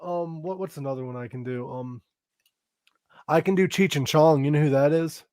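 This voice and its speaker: A man's voice: a little high, moderate pace, mellow, dry recording, studio quality. A man co-hosting a podcast, chatting casually and joking, laughing often and swearing freely. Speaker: podcast co-host. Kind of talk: casual chat doing impressions.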